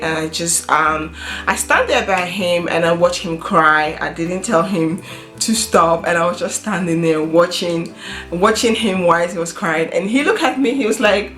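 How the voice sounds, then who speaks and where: A woman's voice: lowish voice, a bit bright. A middle-aged woman from Africa talking earnestly to camera in a casual vlog, often repeating and restarting her phrases. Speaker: vlogger. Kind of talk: casual personal talk to camera. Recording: roomy echo with faint guitar music.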